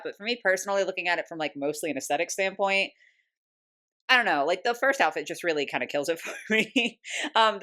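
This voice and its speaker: A woman's voice: lowish voice, a bit bright. Chatty American woman reviewing dolls. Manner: chatty, frequent "like" fillers, candid opinions. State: hiccuping. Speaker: doll collector vlogger. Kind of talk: casual review chat. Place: home room.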